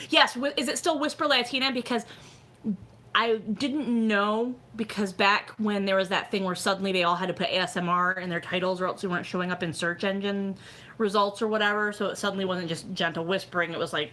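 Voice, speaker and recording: A woman's voice: medium pitch, bright, forceful tone. A middle-aged woman chatting casually on a live stream, rambling with lots of "like" and "you know" as she gives fortune readings.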